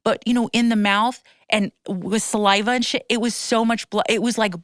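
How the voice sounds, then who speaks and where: Woman telling a story with smooth tone. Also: a little high, normal speed, dry recording, studio quality. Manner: animated storytelling, breathless retelling with frequent restarts; swears casually. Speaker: podcast host. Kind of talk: casual chat.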